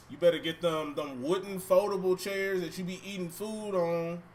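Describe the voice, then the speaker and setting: A man's voice: sits high, steady tone, normal speed, a little mellow, a little hiss or hum. A man streaming himself playing a video game from a room at home, chatting and bantering with his viewers and swearing freely. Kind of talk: casual live-stream chat while playing. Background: game music.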